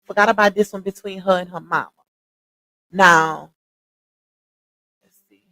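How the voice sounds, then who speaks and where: A woman's voice: mid-range voice, a little slow, bright, forceful tone, no echo, rough recording. A woman hosting a casual livestream, chatty, calling her viewers y'all and stopping often to dig up screenshots. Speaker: livestream commentary host.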